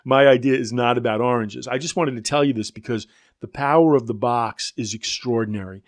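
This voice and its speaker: A man's voice: medium pitch, a little fast. A man teaching a prospecting course, talking conversationally with blunt asides and stories. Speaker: sales trainer. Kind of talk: instructional talk to an audience.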